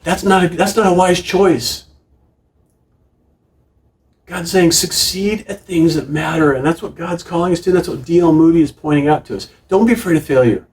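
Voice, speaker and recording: A man's voice: a little high, normal speed, a little mellow. A middle-aged man preaching a sermon as pastor, earnest and emphatic, with frequent restarts. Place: church sanctuary. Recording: distant room mic in a church.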